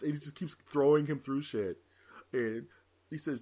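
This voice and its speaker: Animated male podcast host. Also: fairly high pitch, normal speed. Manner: animated, acts out movie lines mid-story. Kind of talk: casual movie review chat.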